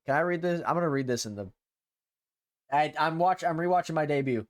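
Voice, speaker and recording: A man's voice: a little high, brisk. Chatty male streamer, rambling. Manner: rambling, chatty, swears freely. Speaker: VTuber streamer. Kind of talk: casual live-stream chat.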